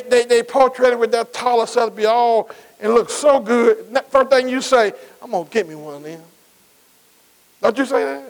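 High-voiced man preaching with call-and-response. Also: poor audio. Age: middle-aged. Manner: call-and-response, asks the congregation questions; Black church preaching cadence, repeats phrases. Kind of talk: sermon.

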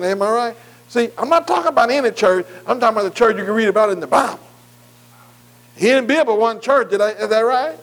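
High-pitched male preacher, call-and-response sermon, keeps asking "am I right", reads verses slowly. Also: rough recording. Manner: repeatedly asks "am I right?"; reads scripture slowly and deliberately.

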